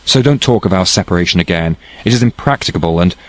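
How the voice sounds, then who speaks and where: Guy reading as a passionate stubborn young woman, raised a bit higher than his own low voice, declaiming, dry close sound. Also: animated, fast, a bit bright, no echo, rough recording. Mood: fervent. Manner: impassioned, declaiming. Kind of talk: audiobook character reading.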